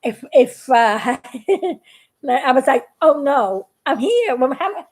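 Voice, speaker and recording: A woman's voice: sits high, big pitch swings, takes it slowly. A woman chatting casually to her viewers, telling a story and laughing often. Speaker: YouTube cartoon maker.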